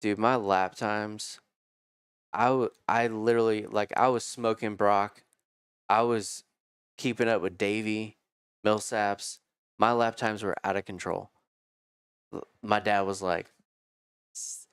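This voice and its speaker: Man, 30s, low smooth voice, dry close sound; casual storyteller who curses and acts out quotes. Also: slow pace, long pauses, no echo. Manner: animated, swears freely, acts out quotes. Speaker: podcast guest telling racing stories.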